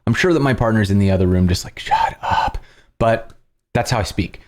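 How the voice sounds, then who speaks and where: Loud chatty man at a studio mic. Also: lowish voice, fast. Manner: projected presenter voice, chatty with fillers. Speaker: livestream host. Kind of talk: casual explanatory talk. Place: home studio. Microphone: studio dynamic microphone with compression.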